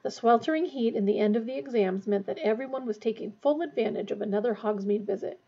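A woman's voice: a little high, quick pace, warm tone. A woman reading a novel aloud expressively, with a dull lo-fi recording. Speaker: audiobook reader.

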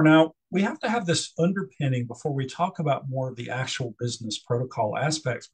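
A man's voice: mid-range voice, husky, poor audio. Chatty man giving a workshop talk. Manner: conversational, with frequent ums and asides. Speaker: protocol workshop presenter. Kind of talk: casual lecture with slides.

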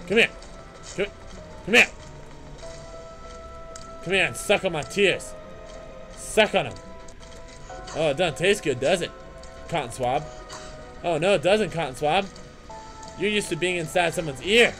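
A young man hosting a let's play, commenting on his game with excitable trash talk, jokey asides and sing-song chanting. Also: a little high, a little slow, long pauses, soft background music. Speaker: gaming channel host.

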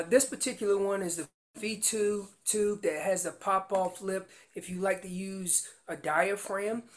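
An animated man teaching elk calling as a guest instructor. He explains each call step by step and speaks with emphatic energy, like a hands-on coach. His tone stays practical and instructional. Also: high-pitched. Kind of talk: instructional demonstration.

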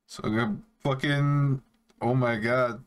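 A man's voice: medium pitch, fairly even intonation, takes it slowly. A young man streaming a game, chatting casually to his viewers and swearing freely. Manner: laid-back, swears a lot, talks to viewers. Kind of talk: casual live-stream chat while playing.

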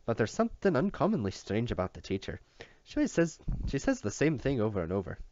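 A man voicing a big, protective male bodyguard who speaks gruffly and plainly. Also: medium pitch, huge pitch swings, quick pace, darkish tone, a little hiss or hum, pitched above the performer's own voice. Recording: dull lo-fi dry recording.

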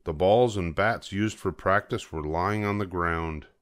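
An older man reading a children's picture book aloud, storytelling. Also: low voice. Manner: slow, lively storytelling.

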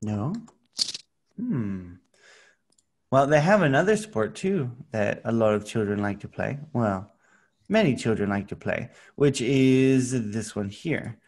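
A man gives an English lesson to young learners over a video call. He talks at a very unhurried pace, spelling out sounds with patience. Now and then he breaks into playful sound effects. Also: medium pitch, animated, darkish tone, slight background noise. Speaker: English teacher. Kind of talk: online English lesson for children.

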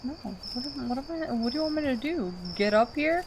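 A woman giving casual commentary on a horror game she is playing. She swings from quiet mutters to shrieks and laughs often. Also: high-pitched, fairly quick, heavy background noise. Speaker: gaming channel host.

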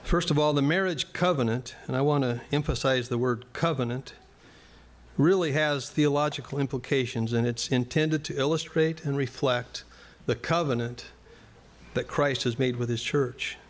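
A man's voice: medium pitch, normal speed. A male pastor preaching a sermon in a church, earnest and plain-spoken, turning now and then to address the congregation directly.

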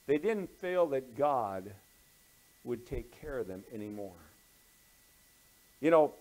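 A male pastor preaching an evening sermon, telling a story and repeating key phrases, swinging between loud emphatic build-ups and soft, low asides. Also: very animated, takes it slowly, pauses often, low-quality recording.

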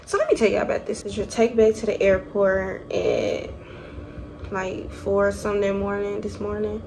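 Young woman, gravelly voice, casual vlog, cussing and animated, noisy phone recording. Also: medium pitch, moderate pace. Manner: animated, profane, addresses viewers as y'all. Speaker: vlogger. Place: hotel room.

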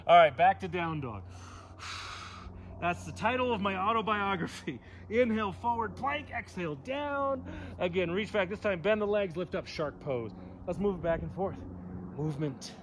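Male yoga instructor from Southern California, slightly high voice, guided class outdoors, playful asides between cues, faint ambience behind. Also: expressive, moderate pace, noisy background.

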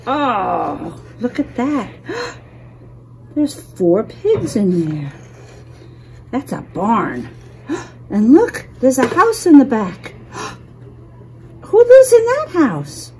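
A woman's voice: fairly high pitch, huge pitch swings, drawn-out words, pauses often, warm tone, slight background noise. A woman narrating toy play for toddlers in a sing-song voice, with exaggerated gasps and lots of repetition. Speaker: children's toy play presenter. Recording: music playing under the voice.

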